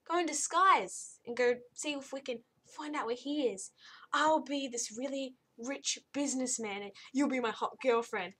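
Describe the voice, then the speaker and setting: A smug male soldier lays out his plan, spoken flippantly in a young woman's own slightly high voice, as she paraphrases him. There is barely any change from her normal speech. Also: moderate pace, fairly bright tone, breathy edge.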